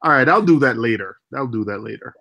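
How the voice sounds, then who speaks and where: A man hosting a relaxed livestream chat with friends, talking at an ordinary middle pitch. He laughs often and leaves sentences half-finished before starting over. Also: quick pace, gravelly. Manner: chatty, laughs easily, trails off and restarts. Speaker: livestream host. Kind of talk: casual group chat on a livestream.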